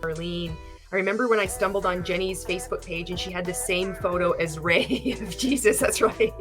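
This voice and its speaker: A woman's voice: on the low side, moderate pace, music in the background. A woman hosting a reaction commentary livestream, blunt and indignant, swearing freely. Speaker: commentary host.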